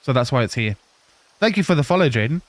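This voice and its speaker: A man's voice: mid-range voice, lively intonation, fast, no echo. Chatty English-Australian man streaming games. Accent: English mixed with Australian. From England. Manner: chatty, answers viewers, laughs often. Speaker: live streamer. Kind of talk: casual live-stream chat while gaming.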